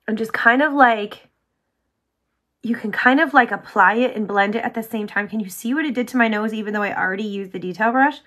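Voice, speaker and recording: A woman hosting a casual makeup tutorial, bubbly and chatty, full of "like", often dropping to a soft whisper. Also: fairly high pitch, fairly quick. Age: adult with sons. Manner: bubbly, chatty, heavy use of "like".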